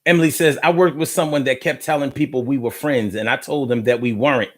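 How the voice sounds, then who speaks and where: A man chatting casually on a live stream, telling stories in an animated, slangy way, repeating his phrases and reading out viewer comments. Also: mid-range voice, fast talker.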